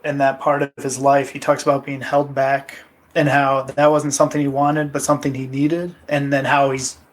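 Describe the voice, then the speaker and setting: A man's voice: mid-range voice, completely flat delivery, normal speed. Agreeable male co-host, mid-range voice, thoughtful. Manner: agreeable, thoughtful, many affirmations. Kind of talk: casual podcast discussion.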